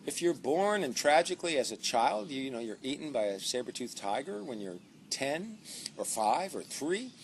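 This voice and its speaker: Profane ranting man, lively pitch. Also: normal speed, a little hiss or hum. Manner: swears constantly, sarcastic and heated. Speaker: author commenting on his book. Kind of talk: profane comic rant.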